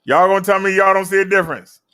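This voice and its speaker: A man's voice: high voice, steady tone, fast talker, pushed and bright, clear, resonant tone. A man hosting a casual live stream, chatting with viewers in a laid-back, direct way. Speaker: live-stream host reviewing e-bikes.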